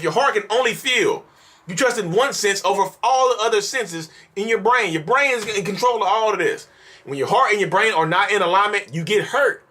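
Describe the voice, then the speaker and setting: A mental health vlogger speaks in a high, pushed, bright male voice. In his vlog monologue he rants at his viewers, calling them y'all, in an exasperated, repetitive, pleading way.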